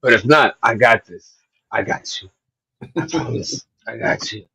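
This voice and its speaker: A man's voice: mid-range voice, measured pace, gravelly, sharp tone, husky, no echo, poor audio. A man hosting a casual livestream podcast, swearing freely and talking emphatically in long run-on stretches. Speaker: show host.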